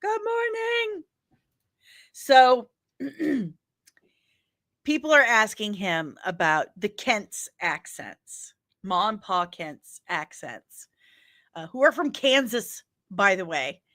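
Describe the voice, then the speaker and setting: Slow, bright-voiced St. Louis woman ranting. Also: mid-range voice, very animated. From St. Louis, Missouri. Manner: emphatic and exasperated, keeps tacking on "okay?". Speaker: host of a daily comics news show. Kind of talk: casual ranting commentary.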